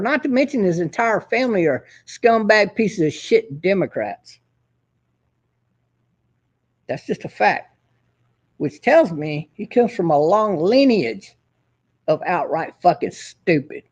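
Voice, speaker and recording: A man's voice: high voice, very animated, slow, long pauses, dull audio. A man hosting his own show, ranting in a profane, combative and boastful way. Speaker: host. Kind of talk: casual ranting monologue.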